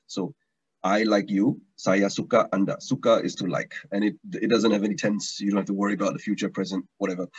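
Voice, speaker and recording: A man whose fairly low voice has a breathy edge leads a language taster class online via video call. Chatty by nature, he repeats words and keeps restarting, heard through dull, lo-fi streaming audio.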